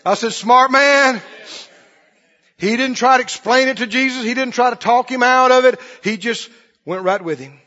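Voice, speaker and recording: A man preaching a sermon, swinging between soft asides and loud exclamations. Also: very high voice, fairly quick. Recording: reverberant hall, dull lo-fi sound.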